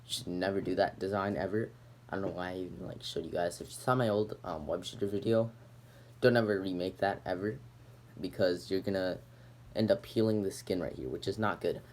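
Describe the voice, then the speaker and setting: A man's voice: low-pitched, steady tone, brisk, darkish tone, a little hiss or hum. A man casually showing off and explaining a homemade gadget, rambling with lots of filler words. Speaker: hobbyist demonstrating a homemade gadget. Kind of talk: casual show-and-tell video.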